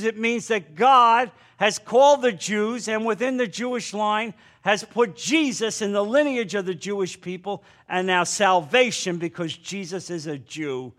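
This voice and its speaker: A male preacher delivers a sermon in a fairly high voice. He speaks fervently and with emphasis, drawing out key phrases for effect. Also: fairly bright tone.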